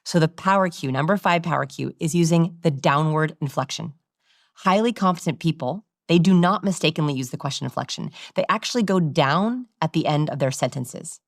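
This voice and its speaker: A woman with a low voice for her sex explains communication research in an interview, lively and quick to demonstrate. The recording is close and dry. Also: vocal fry, no room sound. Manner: animated, demonstrating vocal examples.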